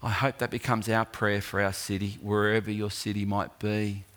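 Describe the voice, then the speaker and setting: A middle-aged man preaching a sermon, telling stories with long pauses and building intensity. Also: fairly low pitch, little pitch movement, a bit bright.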